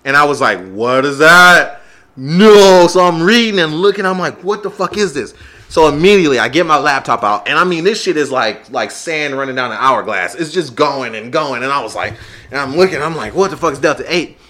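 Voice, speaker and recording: Animated, profane man telling a story. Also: fairly high pitch, fairly quick. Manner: animated and profane, acts out his own reactions in quotes. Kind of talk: casual storytelling chat.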